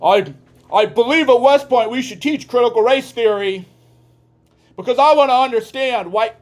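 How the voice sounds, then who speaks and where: Man doing a pompous army general, smug, mocking parody, a bit high and off-mic. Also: moderate pace.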